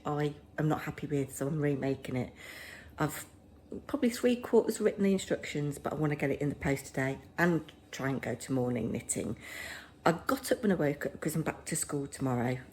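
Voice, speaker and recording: A chatty middle-aged woman rambles through a casual home vlog in a fairly low voice. She is self-deprecating and easygoing, and faint room ambience sits behind her. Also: a little fast, a little mellow, slight background noise. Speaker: vlogger, drama teacher.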